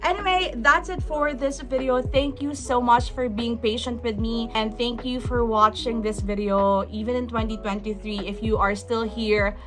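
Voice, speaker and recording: A woman's voice: on the high side, fairly even intonation, moderate pace, few pauses, over music. Gushing woman book vlogger. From Philippines. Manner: effusive, emphatic, repeats words for stress. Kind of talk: casual book review vlog.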